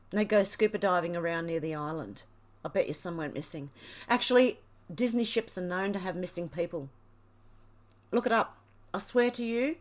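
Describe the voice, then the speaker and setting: A woman hosting a livestream, reading out chat messages and getting teary as she thanks her viewers. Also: on the low side. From Australia. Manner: emotional, gushing, tearful thanks. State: teary, crying.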